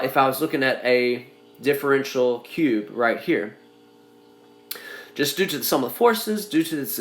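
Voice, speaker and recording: A male engineering instructor giving a recorded lecture, halting and repeating his phrases as he explains, with an occasional cough. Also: fairly high pitch. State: coughing now and then. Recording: echoey room sound.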